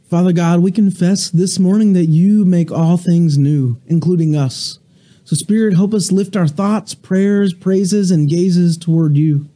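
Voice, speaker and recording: A man pastor preaching a sermon and leading prayer, earnest with halting restarts. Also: high-pitched, warm tone. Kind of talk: sermon with prayer and a told joke.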